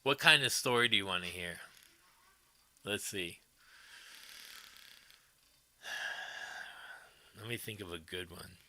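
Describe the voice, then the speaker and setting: A man's voice: lowish voice, slow, pauses often, bright, forceful tone. A man hosting a livestream, telling casual rambling stories to his viewers, chuckling often and swearing freely. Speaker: livestream host.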